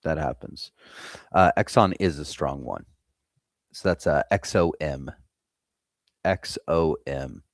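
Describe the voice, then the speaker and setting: A man's voice: very deep voice, slow pace, pauses often, no room sound, clean studio sound. An American man hosting a live trading stream, chatting casually and swearing freely while reading the chat. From United States. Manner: loose, profane, chatting with viewers.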